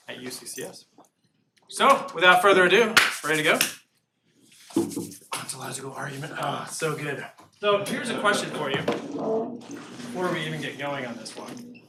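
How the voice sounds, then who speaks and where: A man giving a live philosophy lecture to students, joking and asking the audience questions. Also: on the high side. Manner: jokey, engaging, asks the audience questions. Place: lecture room. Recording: distant mic with faint noise.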